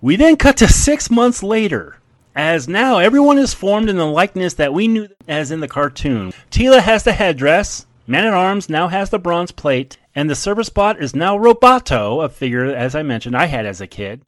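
A man's voice: high voice, very animated, moderate pace, no room sound. A man hosting a casual podcast chat, recapping a film scene by scene and laughing often as he goes.

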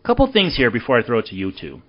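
A man's voice: medium pitch, huge pitch swings, quick pace, muffled recording, a little hiss or hum. A man hosting a casual film podcast, animatedly recapping scenes and passing the question to his co-hosts. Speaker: podcast host.

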